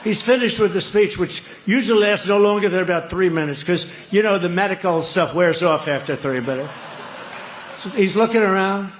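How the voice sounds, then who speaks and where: A man's voice: sits high, moderate pace, a little hiss or hum. A man giving an off-the-cuff rally speech from a stage, rambling, boastful and repetitive, mocking his rivals into a podium microphone. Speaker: political candidate at a rally. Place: stage at a political event.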